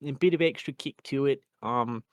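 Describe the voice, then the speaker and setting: Male GM voicing an Australian henchman: chipper, brash, swears a lot, mid-pitched. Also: moderate pace, no echo, natural voice. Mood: eager. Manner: chirpy, blunt, swears freely. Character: loud cheerful Australian henchman, rough-mouthed.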